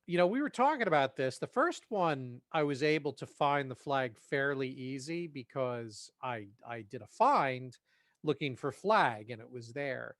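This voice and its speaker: A man's voice: mid-range voice, animated, a little slow, a bit bright, no echo, studio quality. A man co-hosting a podcast in casual chat, talking in a hesitant, self-deprecating way. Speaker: podcast co-host.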